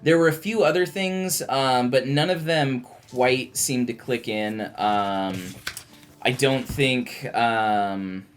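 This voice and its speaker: A man's voice: medium pitch, slow, a little hiss or hum. Male game designer guest, casual explainer, mid-range voice, hesitant fillers. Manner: thinks aloud with frequent ums and restarts. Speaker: game designer walking a player through character creation. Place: studio.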